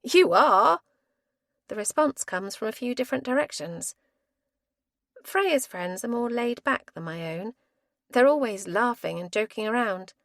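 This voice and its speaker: Lively high-voiced woman reading an audiobook. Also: normal speed, no room sound, studio quality. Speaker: audiobook narrator. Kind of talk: first-person audiobook narration.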